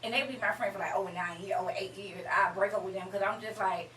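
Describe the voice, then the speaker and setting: A woman's voice: mid-range voice, fast, a bit bright, slight background noise. A woman guest in a casual chat, telling stories in a blunt, emotional way. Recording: echoey room, voice from far off.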